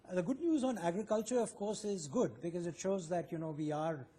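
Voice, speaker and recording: A man's voice: high-pitched, brisk, mellow. A man speaking as a guest on a live TV news panel, hesitant with frequent fillers.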